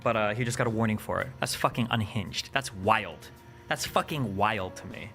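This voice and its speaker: A man's voice: on the low side, moderate pace, bright, forceful tone, faint music behind. A young man ranting in live-stream commentary, heated and profane, with lots of fillers as he reads and reacts to chat. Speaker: political streamer.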